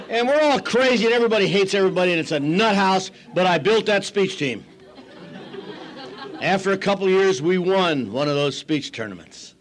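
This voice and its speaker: A man's voice: high-pitched, lively intonation, brisk, crowd noise, noisy background. An older man speaking at a recovery meeting, telling his story with wry, self-mocking humor and acting out the people he quotes. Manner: acts out quoted people in voices.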